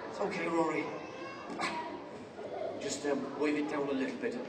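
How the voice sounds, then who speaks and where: On a large theatre stage before a crowd, a man performs a playful children's magic show, joking with a young helper and yelping in mock pain. His voice is fairly high with fairly even intonation at a moderate pace. The roomy hall is loud with the crowd, and he's miked from afar under heavy background noise.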